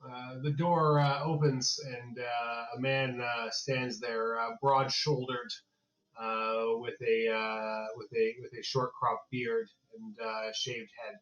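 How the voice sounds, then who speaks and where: A man narrating a tabletop horror game as game master, halting often on fillers. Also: mid-range voice, little pitch movement, fairly bright tone, distant mic. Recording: echoey, dull lo-fi room sound.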